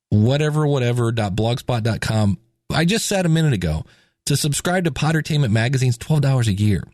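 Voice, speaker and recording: A man's voice: fairly high pitch, dry recording, clean studio sound. A man hosting a podcast, talking casually and animatedly with jokes and asides. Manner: animated, chatty, joking. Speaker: podcast host.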